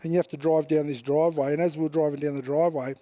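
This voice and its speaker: A man's voice: on the high side, level tone, rapid-fire, warm tone, no echo. A middle-aged Australian man, a guest on a chat show, telling stories and laughing often as he swears his way through them. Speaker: podcast guest, former rugby league player. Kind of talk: casual chat, storytelling.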